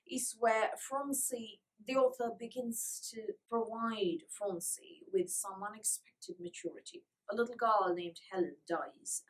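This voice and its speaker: Brief: woman reviewer, casual and wry, fairly high voice, mic a little distant. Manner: wry, lightly sarcastic. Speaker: book reviewer. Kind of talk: casual book review, reading passages aloud.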